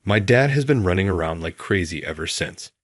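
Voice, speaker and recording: A man voicing a shrill, spoiled, mean middle-aged woman who accuses and demands. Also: expressive, brisk, no echo, clean studio sound. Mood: shrill accusing.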